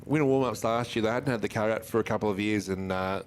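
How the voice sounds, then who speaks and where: Man in casual race commentary. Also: lowish voice. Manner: chatty, quick with times and speeds, laughs easily. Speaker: drag racing commentator. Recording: faint track noise behind.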